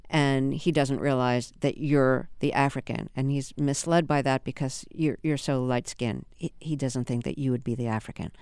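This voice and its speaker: A measured interviewer sets up a clip and asks a question. The voice is very smooth and resonant at a mid pitch, recorded close and dry. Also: a little mellow, dry recording.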